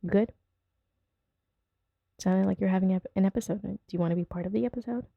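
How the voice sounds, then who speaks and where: A woman's voice: mid-range voice, a little fast, creaky, no echo, narrow, tinny audio. A woman hosting a casual podcast from home, whose first language is not English, chatting in a rambling, giggly way and getting sidetracked easily. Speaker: podcast host. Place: at home with her dog nearby.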